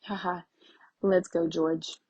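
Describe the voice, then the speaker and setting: A woman reading the part of a bitter, restless young husband, talking loud and sneering. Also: on the low side, little pitch movement, takes it slowly, slightly rough, no room sound, dull audio. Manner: angry, sneering, raised voice.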